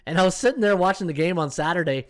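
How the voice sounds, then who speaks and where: Chatty man in his fifties, higher voice. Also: fast talker. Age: 50s. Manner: chatty, tags lines with "right?". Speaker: sports betting podcast host. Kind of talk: casual live-stream commentary.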